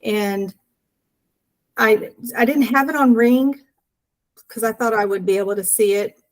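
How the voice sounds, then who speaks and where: A woman's voice: on the high side, measured pace, poor audio. Earnest woman telling a personal story. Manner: earnest, animated storytelling with acted-out dialogue. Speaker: interview guest.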